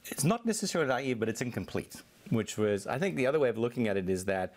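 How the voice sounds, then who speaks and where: A man being interviewed as a technology executive, explaining his points fluently and in a measured way. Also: mid-range voice, big pitch swings, darkish tone. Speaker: Microsoft technology executive, guest. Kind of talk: interview answers.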